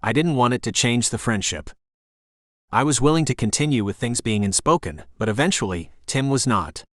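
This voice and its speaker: A man reading a first-person audiobook narration in a measured, earnest way. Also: mid-range voice, expressive, no room sound, clean studio sound.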